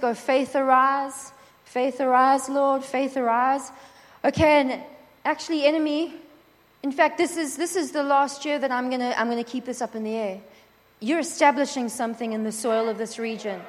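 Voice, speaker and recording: A woman preaching at a conference, lively and acting out quoted prayers and dialogue. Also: sits high. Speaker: conference speaker. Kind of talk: sermon. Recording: long hall reverb.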